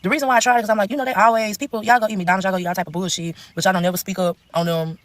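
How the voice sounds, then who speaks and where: A woman's voice: mid-range voice, fairly even intonation, very fast, dry recording. A young woman telling a blunt, profane storytime into her phone, in long run-on stretches. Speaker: TikTok storyteller. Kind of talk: casual storytime rant.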